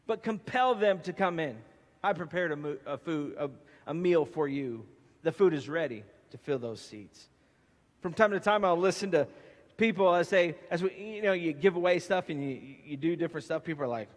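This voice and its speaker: A man preaching a sermon as pastor, emphatic and animated with playful asides, in a church sanctuary. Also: sits high. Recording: long hall reverb.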